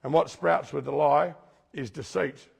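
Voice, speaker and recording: A man preaching to a recovery group, with a deeply gravelly, husky voice that rings out with long hall reverb. He repeats himself for emphasis and keeps putting questions straight to his listeners. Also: measured pace, darkish tone. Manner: repetitive, questions the audience directly. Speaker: speaker teaching a recovery group. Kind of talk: preaching-style talk to a group.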